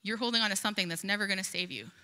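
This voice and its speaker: Woman giving a sermon, bright clear voice, earnest and emphatic, big echoey hall. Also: mid-range voice, rapid-fire. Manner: earnest, emphatic, reads scripture aloud. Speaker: preacher. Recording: long hall reverb.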